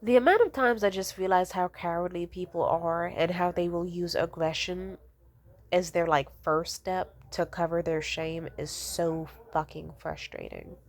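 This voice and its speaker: A woman's voice: on the low side, steady tone, a little slow. A young woman ranting casually, blunt and profane, exasperated, mimicking the people she complains about.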